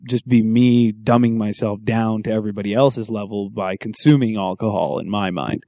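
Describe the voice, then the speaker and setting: A man co-hosting a podcast in casual chat, rambling and animated, correcting himself as he goes. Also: on the low side, moderate pace, no room sound, studio quality. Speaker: podcast co-host.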